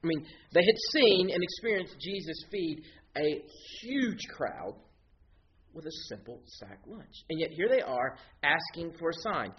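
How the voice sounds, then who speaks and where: Lively lo-fi male preacher. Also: a little high, measured pace. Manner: animated teaching, explaining Greek words step by step. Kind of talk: expository sermon. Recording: dull lo-fi sound with faint noise.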